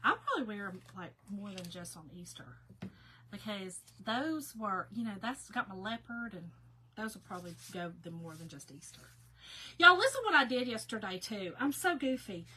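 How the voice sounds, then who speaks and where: A woman's voice: medium pitch, big pitch swings, normal speed, pushed and bright, a little hiss or hum. A woman, chatting folksily to viewers during a casual craft tutorial and laughing often. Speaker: craft vlogger.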